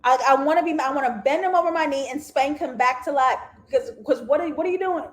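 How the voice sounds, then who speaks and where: A woman hosting a casual livestream TV review, animated and laughing often as she talks to her viewers. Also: high-pitched, quick pace. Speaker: TV review host.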